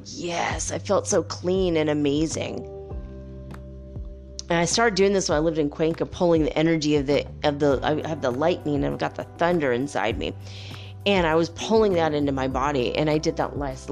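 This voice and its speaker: A woman vlogger casually telling viewers a rambling, animated story, with playful whoops and laughs. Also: low-pitched. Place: home by the Pacific.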